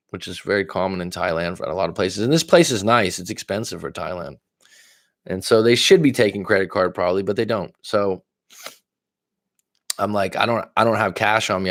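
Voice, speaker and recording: On a livestream, a man with a fairly low voice talks casually as a dating coach, answering viewer comments one after another. He tells stories candidly and bluntly, swearing now and then. The sound is dry and close, with no room echo. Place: lives in Thailand.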